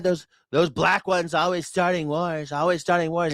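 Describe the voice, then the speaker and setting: A man's voice: fairly high pitch, little pitch movement, a little fast, few pauses, no room sound. Sarcastic, profane male streamer, dry sound. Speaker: news reaction streamer. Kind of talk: casual political commentary.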